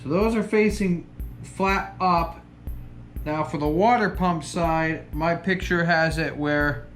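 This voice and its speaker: A woman hosting a repair vlog, muttering and swearing in frustration as she works in a hot garage. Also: sits low. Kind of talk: casual hands-on repair vlog.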